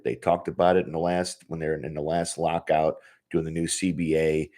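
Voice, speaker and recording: Deep-voiced guy in his 40s rambling on his podcast from his home office, cussing and laughing a lot. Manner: rambling, profane, laughs often. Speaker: podcast host. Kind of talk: casual solo podcast.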